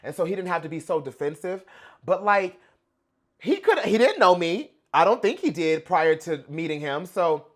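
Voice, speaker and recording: A young man giving casual pop culture reaction commentary in an animated, gossipy way. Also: high-pitched, normal speed. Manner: animated, gossipy, dramatic outbursts.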